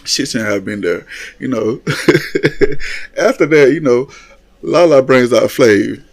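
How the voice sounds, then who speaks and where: A man's voice: medium pitch, animated, slow pace. A man hosting a casual reality TV recap, blunt and mocking, often laughing as he talks. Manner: blunt, laughs often, mocks what he watched. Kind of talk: casual commentary.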